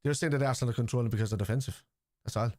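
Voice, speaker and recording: A man with a Liverpool accent hosting a football watchalong stream, rambling and reading chat messages aloud, quick to scoff at critics. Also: mid-range voice, a little mellow. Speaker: live-stream watchalong host. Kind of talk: casual live-stream chat.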